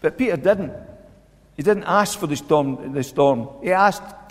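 A man's voice: a little high, lively intonation, unhurried. A man preaching a sermon, earnest and repeating his key lines for emphasis. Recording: long hall reverb.

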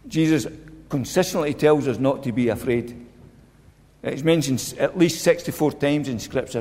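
A man's voice: mid-range voice, moderate pace, a little mellow. A man preaching a sermon, earnest and repeating his key lines for emphasis. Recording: long hall reverb.

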